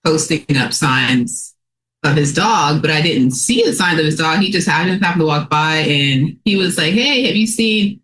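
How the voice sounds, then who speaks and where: A woman guest on a podcast, telling her stories in an animated way, with plenty of fillers. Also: low voice, normal speed, slight background noise. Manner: animated storyteller, lots of fillers. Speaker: psychic guest. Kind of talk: casual interview storytelling.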